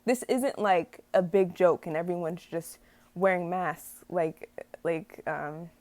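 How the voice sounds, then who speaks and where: A woman's voice: fairly low pitch, slow, darkish tone, no echo. A young woman ranting casually to camera, rambling and exasperated, stumbling over words and laughing at herself. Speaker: vlogger.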